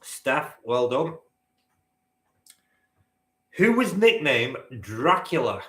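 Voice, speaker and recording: Bloke running a stream quiz, cheeky banter, swears a bit, slow and roomy sounding. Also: male voice, mid-range voice, sing-song, a bit bright. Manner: jokey banter with chat, swears. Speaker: quizmaster. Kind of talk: live-stream quiz hosting.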